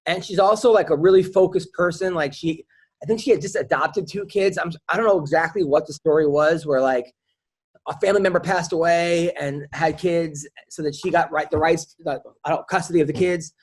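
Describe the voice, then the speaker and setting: A man with a high-pitched voice hosts a loose, casual podcast chat. He rambles through his stories, stopping and restarting his sentences as he goes. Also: a little fast, husky. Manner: rambling storyteller with many restarts. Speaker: podcast host.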